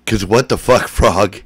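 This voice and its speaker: Laid-back man, slow and joking, laughs a lot, swears freely, dry close sound. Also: lowish voice, fairly bright tone, slightly rough, no echo. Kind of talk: casual chat.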